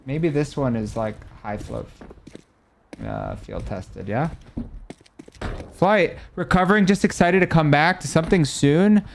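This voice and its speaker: Young man, casual live-stream chat, animated, talks to chat, faint background noise. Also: on the high side, a little slow, gravelly, long pauses. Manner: animated, talks to chat, swings loud and soft.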